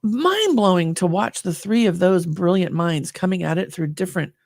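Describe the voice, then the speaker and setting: A woman's voice: on the low side, expressive, moderate pace, no echo, studio quality. A woman co-hosting a candid podcast conversation, talking with effusive, emotional enthusiasm. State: slightly choked up. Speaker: podcast co-host.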